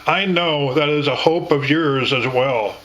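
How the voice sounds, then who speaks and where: Man, very slow and deliberate, bright sharp tone, earnest. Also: fairly high pitch, rough recording. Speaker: grieving father. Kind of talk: intimate spoken conversation.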